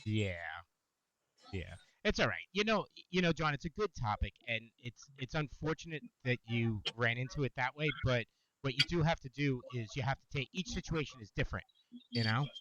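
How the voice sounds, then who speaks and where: Brief: male co-host, bright edge, wry and measured, dull lo-fi mic. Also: mid-range voice, animated. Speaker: podcast co-host. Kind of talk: casual chat among friends.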